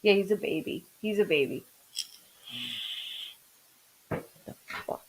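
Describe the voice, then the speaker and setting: A woman's voice: medium pitch, takes it slowly, breathy edge, rough recording. A woman doing a live-streamed psychic reading as a medium, rambling with stammered restarts and greeting viewers by name.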